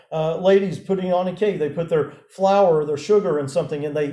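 A man preaching a sermon as pastor, halting and full of fillers and restarts. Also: a little high, mellow.

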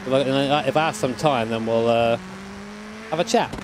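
A man's voice: medium pitch, moderate pace. Male streamer, casual and jokey, swears a lot, game engine noise underneath. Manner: casual, joking, swears freely. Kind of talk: live-stream gaming commentary. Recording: game car noise behind. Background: racing game engine sounds.

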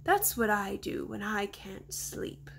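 A woman voicing a wise, patient old female elephant who speaks slowly and soothingly. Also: medium pitch, very animated, vocal fry, a little hiss or hum, full character voice. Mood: gentle. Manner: slow, soft and soothing.

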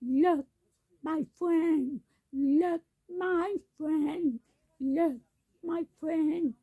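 A woman's voice: sits high, steady tone, very slow, dark tone, no room sound. A woman in a rambling sung-spoken monologue, repeating each phrase again and again. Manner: repetitive, chanting phrases over and over. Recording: tinny phone-like dry recording.

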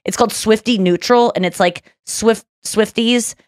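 A chatty woman hosts her podcast, gushing along with plenty of fillers and quick restarts. Her voice sits fairly high, and the sound is close and dry on a podcast microphone. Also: no echo. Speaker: podcast host. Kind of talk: casual chat.

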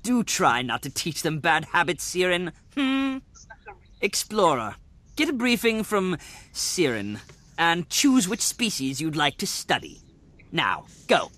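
Pompous lab-leader scholar, wordy, condescending, lively swooping pitch, dry close sound. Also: male voice, slow pace, dry recording, heavily acted. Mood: haughty.

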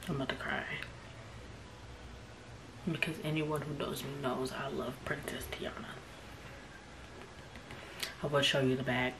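A woman's voice: very deep voice, flat delivery, normal speed, pauses often, noisy background. A woman gushing over a new bag during an unboxing vlog, often dropping into a whisper, recorded in a room at home. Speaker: unboxing vlogger. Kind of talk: excited unboxing chat. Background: kids playing outside.

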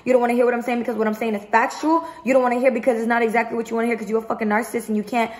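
A woman's voice: fairly high pitch, little pitch movement, racing. A woman vlogger in a heated storytime rant to camera, swearing often and repeating herself for emphasis. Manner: profane, emphatic, repetitive venting.

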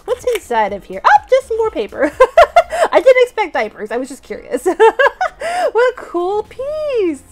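A woman's voice: very high voice, wildly swooping pitch, moderate pace, hardly any pauses, darkish tone. A woman toy collector chatting through an unboxing vlog, gushing with gasps and giggles. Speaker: toy collector and channel host.

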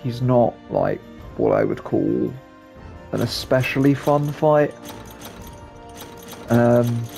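A man's voice: mid-range voice, takes it slowly, gravelly, dark tone, soft background music. A young man giving casual, rambling gameplay commentary as a channel host, hesitant and full of ums.

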